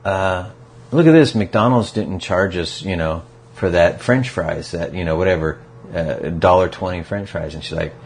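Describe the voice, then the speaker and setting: A man as a podcast guest, talking casually about recovery and acting out quotes in animated stories. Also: low voice, moderate pace.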